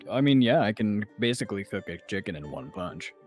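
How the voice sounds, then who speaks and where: Low-voiced man narrating a game turn. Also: very animated, a little fast, darkish tone, soft background music. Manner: hesitant, many fillers and restarts, then teasing. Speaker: player. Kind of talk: casual tabletop role-play narration.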